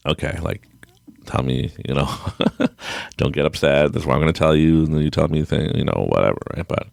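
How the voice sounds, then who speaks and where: Very deep gravelly man, rambling story. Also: a little fast, a little mellow, no echo, clean studio sound. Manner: rambling, full of restarts, frank and emotional. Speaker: podcast guest. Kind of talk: casual storytelling on a podcast.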